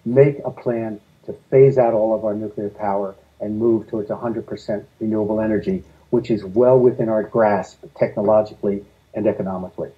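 On the low side and a little fast, with few pauses, a man speaks as an interview guest advocating on energy policy. His earnest answers are steady and methodical, points listed in sequence, and the highs are cut off.

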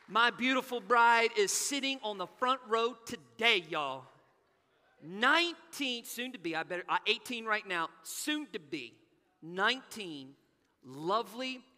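A man's voice: high-pitched, pushed and bright. A man preaching a sermon as pastor, emphatic, rereading lines and joking with the congregation. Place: church sanctuary. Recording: church hall reverb with music behind.

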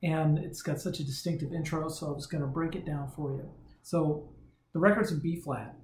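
Male guitar teacher, casual and chatty, slightly high voice, roomy room, guitar audible. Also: moderate pace, a little hiss or hum. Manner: relaxed, conversational, hums rhythms aloud. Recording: roomy sound with guitar playing.

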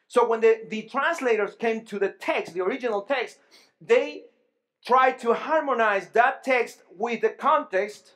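A man's voice: sits high, a bit bright. A man preaching a sermon to his congregation, often asking them questions, repeating and restarting words as he goes. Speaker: pastor. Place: church sanctuary.

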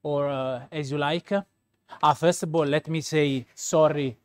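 A man with a Roman Italian accent, a pastry chef whose first language is Italian, giving a live product demo in halting English with many pauses and fillers. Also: on the high side, fairly even intonation, clean tone.

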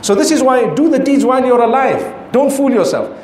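A man's voice: extremely high pitch, expressive, a little fast, darkish tone, slight background noise. A middle-aged man giving a sermon as an Islamic preacher, emphatic and full of rhetorical questions. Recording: echoey hall with faint ambience.

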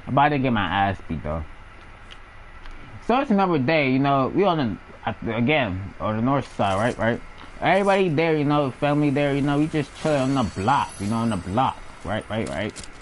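A man's voice: medium pitch, very animated, fairly quick, a little hiss or hum, poor audio. A young man telling personal stories in a casual, slangy way, often laughing and acting out the sounds of what happened. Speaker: storyteller. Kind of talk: casual storytelling.

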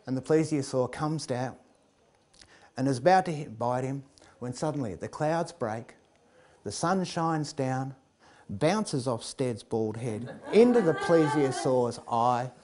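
A man telling a comic tale, lively and chuckling, building to loud climaxes. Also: mid-range voice, slow. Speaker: storyteller. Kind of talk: comic oral storytelling.

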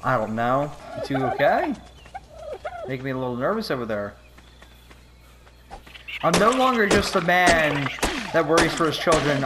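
A young man giving casual gaming commentary, swinging from mock grief to frantic yelling and swearing. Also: on the high side, heavy background noise. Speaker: gameplay commentator.

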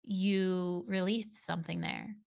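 Gentle woman guest with a gravelly voice. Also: on the low side, fairly even intonation, slow, no room sound. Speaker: podcast guest, spiritual coach. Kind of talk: casual interview chat.

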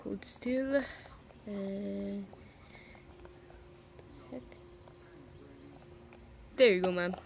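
A woman's voice: medium pitch, very slow, gravelly, long pauses, background noise. A woman rambling in a moody, self-deprecating way in a casual vlog from her bedroom, half whispering at times, recorded on a phone. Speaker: vlogger. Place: bedroom at home.

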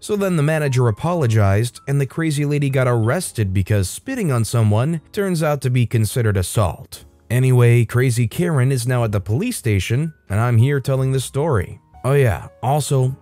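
A man's voice: normal speed, few pauses, dry recording. Man narrating reddit stories over music. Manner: lively, acts out quoted lines with shifts in pitch. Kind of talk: scripted storytime narration. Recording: faint music behind.

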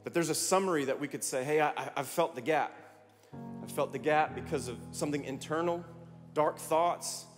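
A man preaching a sermon as pastor, energetic and rallying his congregation with repeated calls to respond. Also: fairly high pitch, normal speed. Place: large church hall. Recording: long hall reverb, music behind.

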